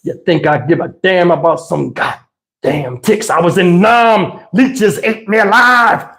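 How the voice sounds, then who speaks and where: A man's voice: sits high, measured pace, creaky, a bit bright, pitched below the performer's own voice, heavily acted. A man voicing a curt, profane Vietnam veteran father who brushes off trouble. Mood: gruff.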